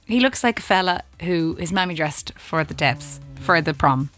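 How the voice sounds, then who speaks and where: A woman's voice: on the low side, expressive, normal speed, a bit bright, faint music behind. An Irish woman radio host chatting casually on air and reading the traffic, laughing often.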